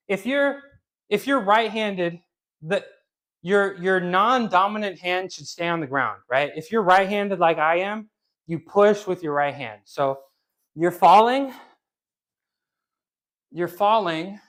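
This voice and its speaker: Man, slightly higher voice, loose rambling live-stream workout coach who chats with viewers between sets. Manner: casual, rambling, repeats himself; talks to chat while exercising. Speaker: fitness streamer.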